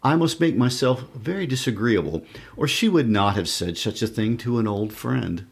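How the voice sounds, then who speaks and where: A man voicing a chattering older spinster woman in a fluttery falsetto, eager and flustered. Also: lively intonation, moderate pace, gravelly, slightly rough.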